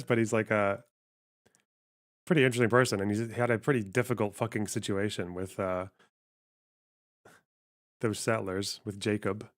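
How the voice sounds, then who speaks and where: A man's voice: medium pitch, dry recording, clean studio sound. Blunt, sweary male streamer. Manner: blunt, sweary, laughs often. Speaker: streamer host. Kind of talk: casual live-stream chat.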